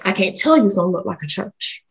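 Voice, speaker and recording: A woman voicing a solemn male prophet who speaks in slow, grave commands, with a husky voice. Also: high voice, lively intonation, voice pushed down, heavily acted.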